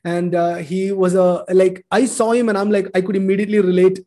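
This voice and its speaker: Brief: thirties preacher, high tenor, emotional heartfelt storyteller. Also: male voice, level tone, a little fast, mellow. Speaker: preacher giving a testimony. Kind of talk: personal testimony sermon.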